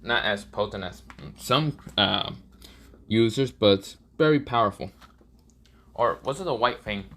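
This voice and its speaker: A man's voice: fairly low pitch, measured pace, a bit bright. A man narrating a fan story casually, rambling and swearing, with many fillers.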